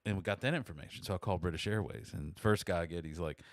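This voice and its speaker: A man's voice: quick pace, no echo, studio quality. A middle-aged man hosting a podcast, telling a long story in casual chat and acting out the people he quotes. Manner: animated, acts out quoted people with rising pitch. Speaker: podcast host.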